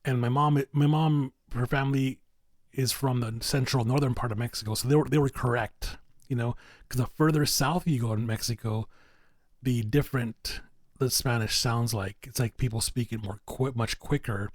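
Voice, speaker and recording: A man appears as a podcast guest, rambling casually in conversation and tucking "you know" into nearly every phrase. His voice is medium in pitch with fairly even intonation, at normal speed and with no echo.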